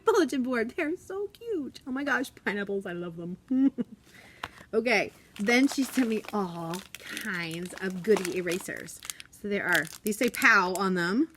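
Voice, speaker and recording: A woman's voice: mid-range voice, a bit bright, a little hiss or hum. A woman who teaches elementary school, chatting casually in a vlog from her classroom desk. She talks in a bubbly, chatty way and giggles often.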